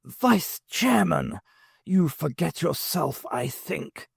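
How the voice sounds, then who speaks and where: A man's voice: fairly high pitch, expressive, measured pace, darkish tone, no echo, clean studio sound, voice pushed up. A man doing a wheezy old president. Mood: courtly. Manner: courtly, turning sharply stern. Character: wheezy old male president, courteous but stern.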